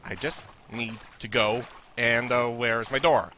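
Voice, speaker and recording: A man's voice: medium pitch, fairly even intonation, slow pace, pushed and bright, slight background noise. A young man from Canada commentating a horror game, nervously talking to himself, his voice a little worn. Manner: nervous, jittery, talks to himself. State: losing his voice. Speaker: let's play gamer.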